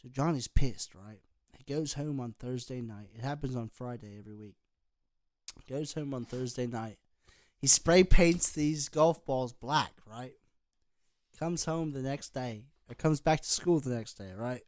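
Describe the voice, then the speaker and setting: A man co-hosting a casual podcast chat, telling long crude jokes in a low storytelling voice. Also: a little slow, no room sound. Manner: drops to a quiet storytelling voice for jokes. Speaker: podcast co-host.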